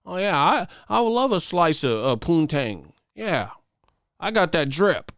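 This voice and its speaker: A man's voice: on the high side, sing-song, a little slow, fairly bright tone, no room sound, clean studio sound, voice pushed up, heavily acted. A man voicing an eager, nerdy male online commenter who tries too hard, in a mocking put-on voice. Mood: over-eager. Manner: over-eager, chirpy, trying too hard.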